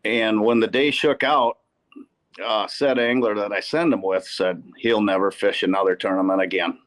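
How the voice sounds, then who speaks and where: A man's voice: on the low side, moderate pace. Story-telling man from Wisconsin. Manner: animated anecdote teller who acts out quotes. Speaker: podcast guest, pro angler. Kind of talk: casual storytelling.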